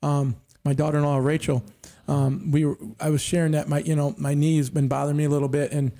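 A man's voice: a little high, flat delivery, brisk, dark tone. A middle-aged man telling faith stories in a casual church panel discussion, often saying amen. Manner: storytelling, frequent amens.

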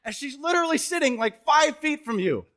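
A man preaching a sermon on a church stage, telling stories with jokes and sudden loud bursts. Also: very high-pitched, fairly quick. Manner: animated, joking storyteller with sudden loud bursts. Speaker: pastor. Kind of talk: sermon with storytelling. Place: church stage before a congregation.

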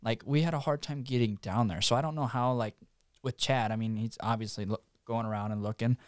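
A man's voice: medium pitch, fairly even intonation, fairly quick, clear, resonant tone, dry recording, clean studio sound. A man, a podcast guest, telling a hunting story in a loose, rambling way with fillers. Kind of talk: casual storytelling.

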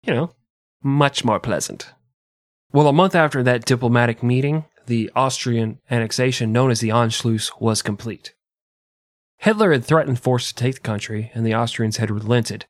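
A man's voice: medium pitch, normal speed, no echo, clean studio sound. A man hosting a comedic history podcast, telling the story in a crude, joking way and laughing often. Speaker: podcast host.

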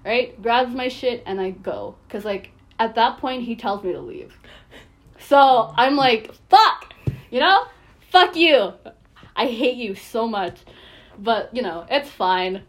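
Young woman telling stories, animated. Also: fairly high pitch, measured pace. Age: young adult. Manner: animated storytelling, swears a lot, laughs often. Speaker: podcast co-host. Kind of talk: casual chat.

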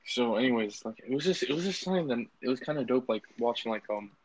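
A man's voice: medium pitch, expressive, fast talker. A young man telling a story in rambling casual chat, full of "like" and "I was like". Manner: rambling, filler-heavy storyteller. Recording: dull lo-fi sound.

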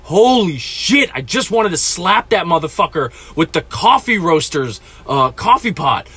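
A man's voice: a little high, very animated, unhurried, bright, forceful tone, breathy edge. A man in his twenties from New Jersey, telling an angry, profane story about a rude customer, ranting at length. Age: 20s. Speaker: podcast host.

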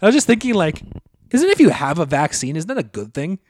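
A man's voice: on the high side, sing-song, fast talker, darkish tone, a little hiss or hum. A young man co-hosting a podcast, telling stories animatedly and mimicking people, with casual swearing. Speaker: podcast co-host. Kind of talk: casual profane chat.

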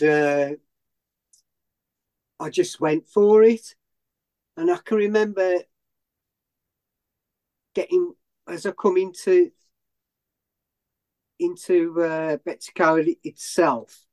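A man's voice: on the high side, darkish tone. A man, a runner being interviewed, who tells a long story in a rambling way with many restarts and self-corrections. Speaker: ultrarunner guest.

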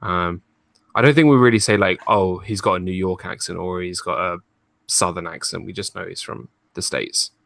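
A man's voice: sits low, normal speed, vocal fry, fairly bright tone, no room sound. A man from the UK co-hosting a podcast, easygoing and amused as he tells stories. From United Kingdom. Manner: easygoing, reads chat questions aloud, amused storytelling. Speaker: podcast co-host. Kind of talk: casual chat.

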